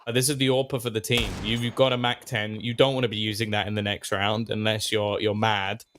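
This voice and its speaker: A man doing play-by-play commentary as an esports caster, quick and playful with joking banter. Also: fairly low pitch, level tone, a bit bright.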